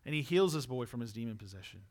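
A man's voice: mid-range voice, expressive, quick pace. A young man preaching a sermon in a conversational way, rising to emphatic peaks when he drives a point home.

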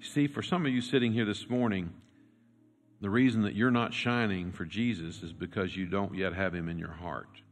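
A man preaching a sermon as pastor, telling a story and swinging from loud, urgent lines to hushed, quiet ones. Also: on the low side, steady tone, moderate pace. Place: church sanctuary. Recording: long reverb with faint music.

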